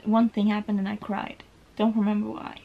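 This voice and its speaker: A woman's voice: mid-range voice, little pitch movement, moderate pace, gravelly, dull audio. A young woman from Norway chatting about books she loved, emotional and rambling with lots of "like"s. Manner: gushing, emotional, rambling with many "like"s. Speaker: book vlogger. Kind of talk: casual book tag vlog.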